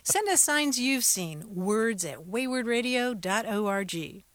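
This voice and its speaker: A woman's voice: on the high side, lively intonation, slow, dry recording. A woman co-hosting a radio talk show, explaining word meanings with light laughs.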